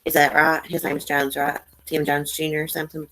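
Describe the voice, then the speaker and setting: A woman's voice: low voice, level tone, a little fast, pushed and bright. A woman hosting a casual live stream, chatting folksily with her guest and viewers. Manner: chatty, folksy, addresses chat viewers by name.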